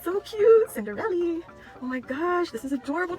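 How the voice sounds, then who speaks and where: A woman's voice: high voice, animated, quick pace, darkish tone, soft background music, poor audio. A woman vlogger opening craft gifts on camera, gushing and exclaiming again and again in casual chat. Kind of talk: excited casual unboxing chat.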